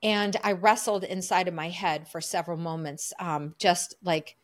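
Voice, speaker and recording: A middle-aged woman, a coach, telling a personal story as a podcast guest in an earnest, lively way. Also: on the low side, moderate pace, hardly any pauses. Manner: lively, earnest storyteller who acts out her own inner voice.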